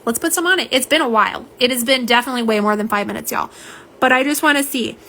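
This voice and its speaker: A woman's voice: on the high side, quick pace, pushed and bright, a little hiss or hum. Chatty woman hosting a live stream. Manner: chatty, talks straight to viewers as "y'all" and reads out chat comments. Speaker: nail polish live-stream host. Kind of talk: casual live-stream chat.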